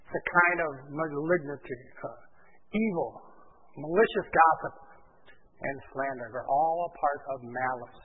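A man preaching a sermon, his voice a little higher than most men's. He leans hard on key words and lets them ring out loud. The recording is thin and tinny, like a phone line. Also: measured pace, slight background noise. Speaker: pastor.

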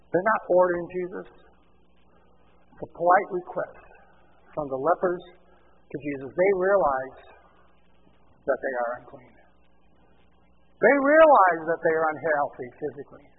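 A man's voice: high-pitched, lively intonation, moderate pace, pauses often, breathy edge, narrow, tinny audio. A male preacher giving a sermon, reading scripture and explaining it, and raising his voice for emphasis.

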